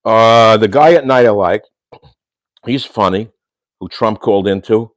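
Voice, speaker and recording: Hosting a relaxed livestream in his kitchen at home, an older man rants and wanders in a very deep voice, peppering his talk with insults and Yiddish slang. He's unhurried and leaves long pauses, and the recording is close and dry, free of room echo.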